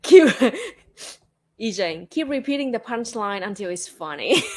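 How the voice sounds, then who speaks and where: A woman's voice: on the high side, very animated, slow pace, a little mellow. A woman from Vietnam with a Vietnamese accent, talking casually on a livestream and filling her speech with "like" and "you know". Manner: chatty, frequent fillers like "like" and "you know". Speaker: streamer.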